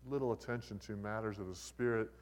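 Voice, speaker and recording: A man's voice: fairly low pitch, fairly even intonation, quick pace, in a large hall. An older man preaching a sermon as a pastor, in a conversational, folksy way with humorous asides.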